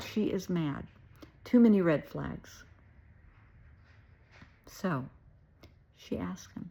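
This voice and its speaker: A woman's voice: lowish voice, expressive, slow pace, vocal fry, pauses often, mellow, slightly rough, highs cut off. A middle-aged woman therapist with a Southern US accent, telling a story with emphatic, wry asides. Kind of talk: storytelling advice video.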